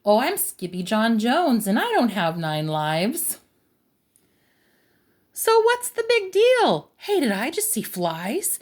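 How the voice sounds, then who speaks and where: A bouncy daredevil kitten boy, voiced by a woman reading aloud shows off with a playful mock Spanish accent. His voice is high and springy, leaping up and down in pitch. This is storybook read-aloud acting. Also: wildly swooping pitch, slow pace, exaggerated voice. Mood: giddy.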